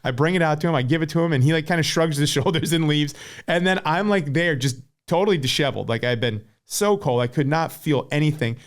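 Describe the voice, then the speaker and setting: Middle-aged man, relaxed storyteller. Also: on the high side, fast. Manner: relaxed storyteller, many fillers like and uh. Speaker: podcast guest, former pro cyclist. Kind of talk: casual chat.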